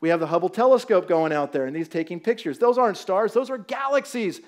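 Animated high-voiced man preaching. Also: quick pace. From Southern California. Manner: animated, storytelling, jokes with the audience. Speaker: guest pastor. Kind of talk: sermon with humor. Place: church sanctuary.

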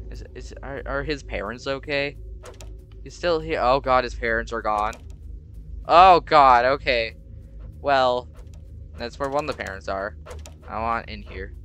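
A young man chatting casually through a horror game, jumpy and prone to sudden shouts. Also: mid-range voice, a little hiss or hum. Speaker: gamer. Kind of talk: casual gameplay commentary.

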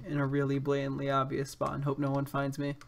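A man's voice: medium pitch, monotone, fast talker, vocal fry, slight background noise. A young man playing an online game and chatting with a friend, joking and teasing with sudden yelps. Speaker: gaming YouTuber. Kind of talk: casual gaming chat.

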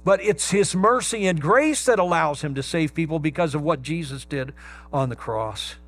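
A male pastor preaching a sermon, stressing key words slowly and emphatically. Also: a little high, animated, fairly bright tone, slight background noise.

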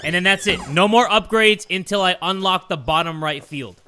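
A young man giving excited gameplay commentary, swearing often and talking to his viewers, swinging between hyped yelling and muttered counting. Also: high voice, normal speed, clean tone. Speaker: gaming YouTuber.

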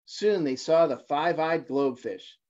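A man in his forties, a guest reader, reading a children's picture book on a livestream, halting at times with fillers and restarts. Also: fairly high pitch, a little mellow. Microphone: phone or laptop for a livestream. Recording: dull lo-fi livestream audio.

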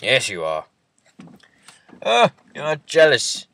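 Guy in a put-on accent teasing his buddy while gaming, lowish voice. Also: takes it slowly, long pauses, fairly bright tone, no echo. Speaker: host. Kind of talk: casual gaming chat.

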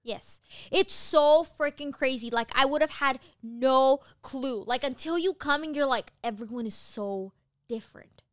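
A young woman co-hosting a podcast, chatting casually and gushing with animated enthusiasm, dropping the odd swear. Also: high-pitched, measured pace, few pauses, no room sound, clean studio sound. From United States. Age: young adult. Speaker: podcast co-host. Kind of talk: casual chat.

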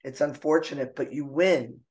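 A middle-aged woman speaking as a podcast guest, expressive and emotional, laughing often as she talks. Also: low-pitched, normal speed. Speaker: podcast guest, artist and author. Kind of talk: casual conversational interview. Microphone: own microphone.

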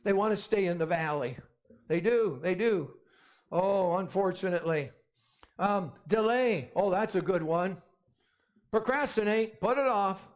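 A man with a high, ringing voice preaches with insistent, repetitive emphasis. He drives points home by repeating phrases and punctuating them with amen. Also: unhurried, pauses often, a little mellow. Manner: emphatic, repetitive, calls for amens. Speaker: pastor. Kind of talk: sermon.

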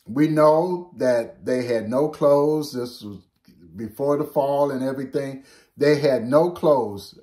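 An older man, a pastor, teaching a Bible lesson in a slow, conversational way, often checking in with "okay?". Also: medium pitch, darkish tone.

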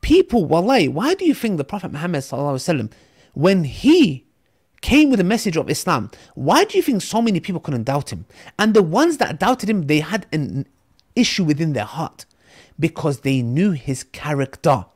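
A man, a podcast guest who tells lively stories and acts out the voices in them. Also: on the high side, a little fast, husky. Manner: animated storyteller, acts out quotes.

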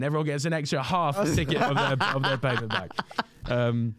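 A young man, a podcast guest telling a story in casual chat, animated and often laughing. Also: medium pitch, a little fast.

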